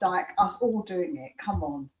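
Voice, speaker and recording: A woman's voice: on the low side, measured pace, crowd noise. A woman, a guest on a casual podcast, bantering in a blunt, cheeky way. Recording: echoey room, faint noise.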